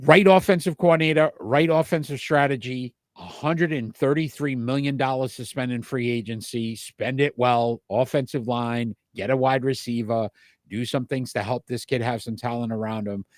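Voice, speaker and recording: A man's voice: mid-range voice, steady tone, moderate pace, no echo, studio quality. A man with a Rhode Island accent co-hosting a sports talk show, giving opinionated rankings and often restarting with repeated words.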